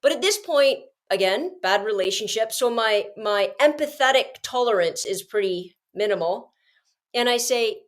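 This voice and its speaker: Woman host telling a story, kinda high voice, keeps restarting her sentences. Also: moderate pace. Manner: rambling with frequent restarts. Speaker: podcast host. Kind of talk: casual storytelling.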